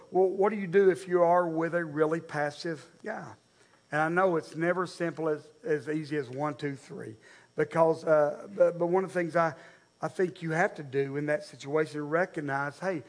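A male pastor, delivering a sermon in a conversational, direct way. His voice sits notably high for a man. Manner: conversational, direct, addressing the congregation.

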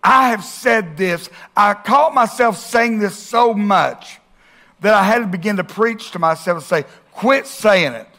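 A male pastor preaching a sermon, asking rhetorical questions and swinging between loud and hushed. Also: sits high, a little slow.

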